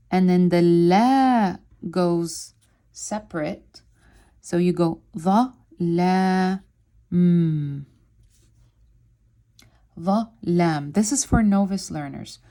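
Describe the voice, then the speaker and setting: Slow, deliberate woman teaching Arabic. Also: lowish voice, expressive, dark tone. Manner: slow and deliberate, sounding out syllables. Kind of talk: spoken lesson while writing on a board.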